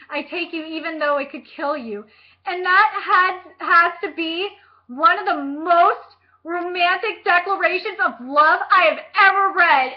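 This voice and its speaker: A young woman vlogger chatting about a book, gushing and excitable, with lots of fillers and casual swearing. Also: very high-pitched, highs cut off.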